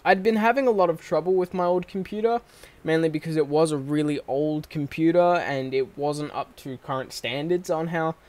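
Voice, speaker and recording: A man's voice: on the high side, a little mellow, no room sound. Rambling young guy vlogging. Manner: rambling, swears freely, self-correcting. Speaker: channel host. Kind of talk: casual vlog monologue. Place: bedroom recording setup at home. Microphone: microphone on a stand at his desk.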